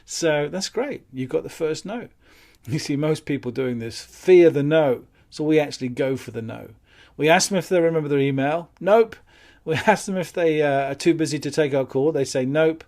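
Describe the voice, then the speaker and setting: A man teaching phone appointment-setting in a calm, matter-of-fact way, with light chuckles. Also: a little high, moderate pace, hardly any pauses. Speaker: business skills trainer. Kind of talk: instructional talk on phone sales.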